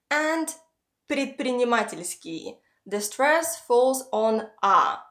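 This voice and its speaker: A woman teaching pronunciation in an online lesson, slowly saying long words aloud for the viewer to copy. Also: a little high, lively intonation, a bit bright. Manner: slow, careful modeling of Russian words. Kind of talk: scripted online language lesson.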